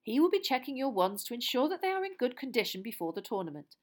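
A woman voicing a courteous, gently wry old male wizard headmaster. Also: fairly high pitch, very animated, quick pace, pitched above the performer's own voice.

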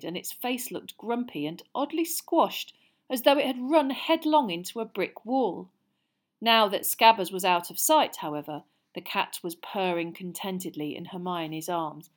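A woman narrating a children's fantasy story aloud in a measured, even way. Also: on the low side.

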